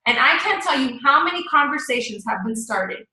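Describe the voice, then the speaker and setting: A woman talks her team through a casual live-stream coaching session, chatty and enthusiastic. Her voice sits high and sounds bright and sharp. The room around her is echoey. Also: lively intonation, a little fast. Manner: chatty, enthusiastic, talks straight to viewers as "guys".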